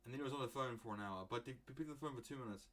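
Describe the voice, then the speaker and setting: A man's voice: medium pitch, rapid-fire, fairly bright tone. Young guy from england rambling on his podcast, swears a lot, jokey tangents, normal mid voice. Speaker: podcast host. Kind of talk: casual solo podcast monologue.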